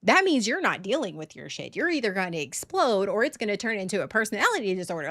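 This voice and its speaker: A woman's voice: fairly high pitch, big pitch swings, fast, hardly any pauses, a bit bright, no room sound, clean studio sound. Blunt, emphatic woman ranting. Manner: blunt, emphatic, swears freely. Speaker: parent talking to camera. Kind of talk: candid personal rant.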